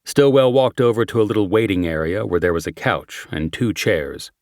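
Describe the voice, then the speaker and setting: A man narrating a crime thriller audiobook in a measured, steady reading. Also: lowish voice, no echo, clean studio sound. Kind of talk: scripted narration.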